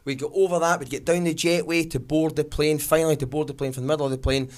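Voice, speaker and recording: Animated Glaswegian comedian, slightly high voice. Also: male voice. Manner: animated, fast-paced storytelling. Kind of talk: stand-up comedy.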